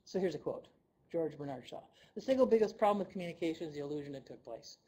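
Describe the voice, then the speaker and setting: A woman's voice: sits low, lively intonation, quick pace, mellow, slightly rough, low-quality recording. A woman presenting a leadership workshop to a live audience, conversational and checking in with "okay?" as she goes.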